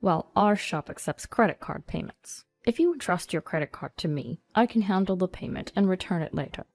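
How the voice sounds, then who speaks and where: A woman's voice: lowish voice, expressive, brisk, darkish tone, dry recording, faint music behind. A woman voicing a greedy, threatening old male steakhouse owner, talking in a blustering, menacing way.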